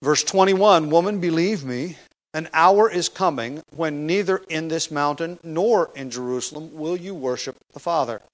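A man with a slightly raised pitch delivers an expository sermon. He explains the passage line by line, stressing key words emphatically and stumbling now and then with fillers and restarts. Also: moderate pace, low-quality recording. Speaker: preacher.

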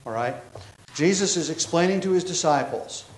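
A man's voice: fairly high pitch, lively intonation, moderate pace. A man pastor preaching an expository sermon, emphatic and explanatory, with frequent self-corrections. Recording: echoey room.

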